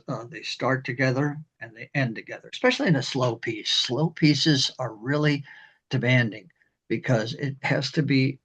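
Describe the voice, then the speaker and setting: Husky older man talking conducting. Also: mid-range voice. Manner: rambling, halting, with many fillers and sung rhythms. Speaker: community band director. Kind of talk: instructional talk on conducting.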